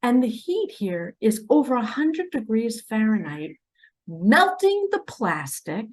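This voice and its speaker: A woman giving an impassioned monologue, swinging between loud pleas and hushed asides. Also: a little high, very animated, slow pace. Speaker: self-described spiritual messenger. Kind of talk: emotional monologue to camera.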